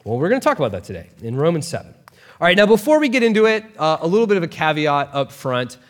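A man preaching a sermon as a pastor, talking in a casual, animated way with quick asides. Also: fairly high pitch, big-room sound.

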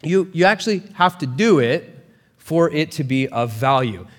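A man preaching a sermon as a pastor, talking in a casual, animated way with quick asides. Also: fairly high pitch, big-room sound.

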